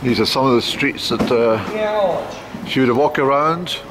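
A man's voice: medium pitch, measured pace. A man chatting in a rambling way as he narrates a walk through narrow town streets on a handheld camera. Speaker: travel vlogger. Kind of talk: walking travel narration. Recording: street noise and passing traffic.

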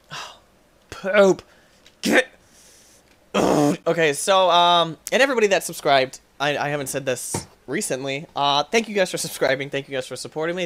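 A young man giving let's play commentary, excitable and quick to get frustrated, yelling at the game between chatty asides to viewers. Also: fairly high pitch. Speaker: gaming YouTuber.

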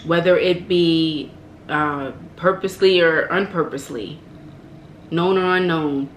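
Speaking to camera in a lowish voice, a woman vlogger known for mukbang offers impassioned, repetitive encouragement, calling listeners baby and honey like a preacher. The audio is reverberant and rough, with a little hiss or hum.

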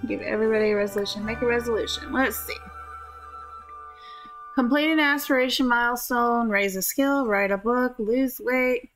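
A woman's voice: on the high side, normal speed, a bit bright, soft background music. A woman giving casual gameplay commentary, chatting to her characters and swearing offhandedly. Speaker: gameplay streamer.

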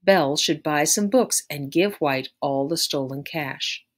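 A woman narrating a story aloud in a measured, expressive way. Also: low voice. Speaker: audiobook narrator.

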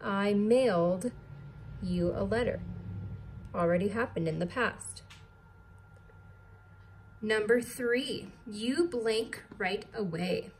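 Slow, patient woman teacher spelling. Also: medium pitch, slight background noise. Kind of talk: recorded distance-learning lesson.

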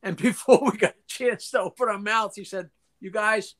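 An older man, a guest in a casual interview, tells long anecdotes full of restarts, swearing and acted-out quotes, clearing his throat now and then. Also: sits high, normal speed, a bit bright. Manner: profane, frequently clears throat.

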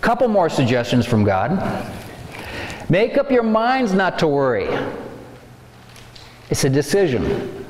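A man giving a faith-based lecture on stress, animated and acting out worried inner voices. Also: on the high side, slow, pauses often, a little hiss or hum. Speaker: speaker. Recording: echoey hall, faint ambience.

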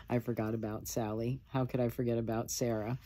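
A woman telling her family's history in a casual talk, rambling and halting, with many pauses and fillers. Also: extremely low pitch, steady tone, dark tone.

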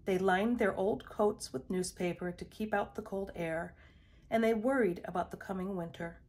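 A woman reading a children's picture book aloud in a measured storytelling voice. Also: mid-range voice, a little mellow. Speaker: storybook reader.

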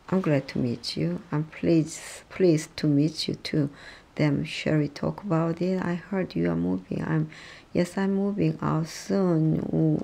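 A speaker reading English practice dialogues aloud, halting and restarting often. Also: medium pitch, gravelly, warm tone.

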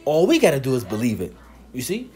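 A man preaching a sermon, reading scripture verses slowly and then explaining them, asking "you see?" again and again. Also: medium pitch, huge pitch swings, a little mellow, faint music behind. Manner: emphatic, punctuates with "you see?".

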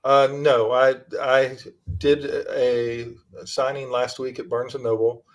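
A man speaking at an ordinary middle pitch, interviewed as an author. He chats loosely and keeps slipping in teasing jokes and banter. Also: little pitch movement, takes it slowly. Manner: joking, playful banter. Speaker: author guest. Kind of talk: casual interview chat.

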